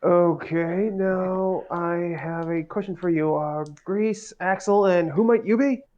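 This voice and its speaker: A man's voice: high voice, fairly even intonation, slow pace, darkish tone, dull audio. A man playing a tabletop game, talking in an easygoing, hesitant way. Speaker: player. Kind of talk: tabletop role-play, casual.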